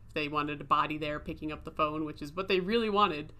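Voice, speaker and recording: A woman's voice: sits low, fast, pushed and bright. A woman in her thirties telling a rambling, self-deprecating story as a casual vlog voice-over. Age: 30s. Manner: chatty, self-deprecating, laughs while talking. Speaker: video creator.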